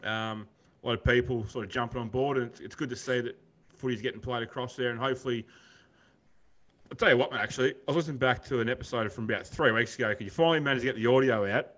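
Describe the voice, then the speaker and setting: A man's voice: mid-range voice, fast, a bit bright. A man with an Australian accent co-hosting a podcast, chatting in a rambling, laid-back way and calling his co-host mate. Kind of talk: casual chat.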